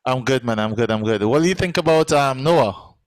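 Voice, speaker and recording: A man's voice: mid-range voice, lively intonation, fairly quick, no room sound, rough recording. A man hosting a live online show, chatty and encouraging, with a lot of "you know" and "um". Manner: chatty and encouraging, many fillers. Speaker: host.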